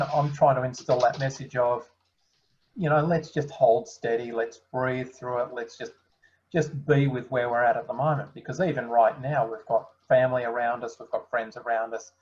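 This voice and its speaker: Earnest man, measured delivery, father, muffled lo-fi video call. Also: mid-range voice, a little mellow. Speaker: parent. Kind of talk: online group discussion. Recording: dull lo-fi sound.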